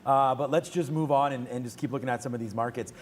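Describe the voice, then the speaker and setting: A hoarse man co-hosting a trading stream, talking in a friendly, halting way with fillers. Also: medium pitch, a little hiss or hum. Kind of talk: casual chat.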